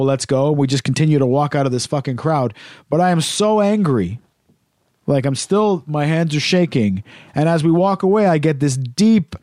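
Profane, animated man telling a story. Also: on the high side, dry recording, studio quality. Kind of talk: casual storytelling chat.

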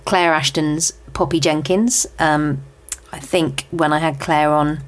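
A woman hosts her podcast and chats informally through her favourite books. Her voice sits a little low, and she talks in a loose, friendly way, often pausing on "um" and restarting her sentences. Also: steady tone. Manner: chatty, with many ums and restarts. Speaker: podcast host. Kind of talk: casual book recommendations.

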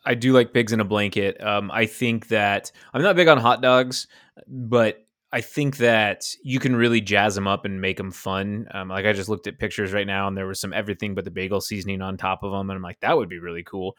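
A man's voice: on the low side, steady tone, a little fast, a bit bright. A man co-hosting a podcast, chatting casually and talking himself in circles. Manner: rambling, second-guessing himself. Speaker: podcast co-host. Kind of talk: casual chat.

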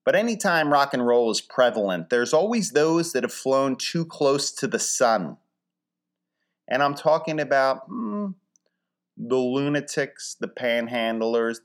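Philly guy riffing solo, dry wry jokes, rambles, mid-pitched voice. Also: lively intonation, measured pace. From Philadelphia. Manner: wry, rambling, dry humor with mock-grand wording. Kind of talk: casual comedic monologue.

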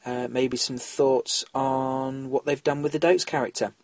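A man's voice: mid-range voice, flat delivery, unhurried, no echo. A man hosting a podcast, easygoing and a little apologetic as he reads out feedback. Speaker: podcast host. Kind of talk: casual podcast talk.

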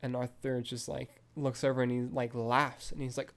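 A man's voice: medium pitch, level tone, normal speed, hardly any pauses. A man hosting a film review podcast, retelling a scene in a casual, rambling way full of fillers.

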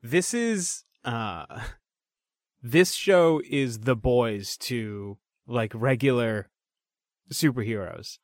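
Relaxed man joking on a podcast. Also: medium pitch, drawn-out words, no echo, clean studio sound. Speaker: podcast co-host. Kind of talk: casual chat.

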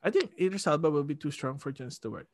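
A man in casual chat, ranting with excitement and laughing often. His pitch leaps around a lot. The recording is dry and close, with no room sound. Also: fast talker, dry recording. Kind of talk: casual chat about superhero movies.

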